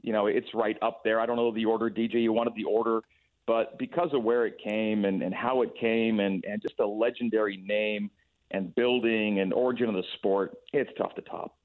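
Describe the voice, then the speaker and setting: A man's voice: lowish voice, fairly even intonation, normal speed. A man talking over a sports radio phone line, thoughtful and full of restarts and repeated words. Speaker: radio play-by-play guest. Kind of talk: sports radio call-in chat. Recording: tinny phone-line sound.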